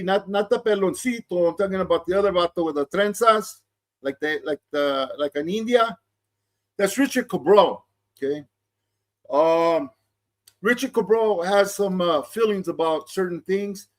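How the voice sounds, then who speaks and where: High-voiced man, casual commentary. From East Los Angeles. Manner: conversational, peppered with "okay?" and Chicano slang. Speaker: channel host.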